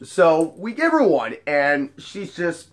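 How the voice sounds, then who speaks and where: A man telling bar stories from his job as a bouncer, cursing freely and keeping the delivery animated and jokey. His voice sits a bit high for a man. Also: takes it slowly. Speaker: nightclub bouncer and storyteller. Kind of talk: casual storytelling vlog.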